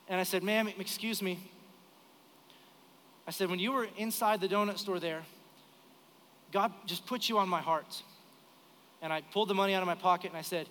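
A man in his thirties delivers an earnest, emotional sermon story at a live church service. His voice sits high and sounds bright and forceful. A long reverb from the sanctuary trails behind his words. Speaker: preacher.

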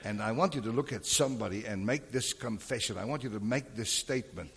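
A husky-voiced male preacher delivering a sermon, often calling on the congregation for an amen. His voice rings out with a long reverb, as in a large church hall. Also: fairly low pitch, brisk, fairly bright tone. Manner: calls for amens and crowd responses. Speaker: pastor.

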